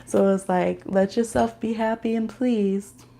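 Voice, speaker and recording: A woman reading tarot on a casual livestream, soft and nurturing during the cards, then chatty and animated as she tells stories, laughing often and breaking into high squeals. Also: a little slow, gravelly. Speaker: tarot reader.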